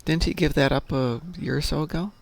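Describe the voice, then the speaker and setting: A man's voice: fairly high pitch, steady tone, brisk, gravelly. A man hosting a gaming stream, chatting casually and reading viewer comments. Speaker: stream host reading chat. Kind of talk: casual chat while gaming.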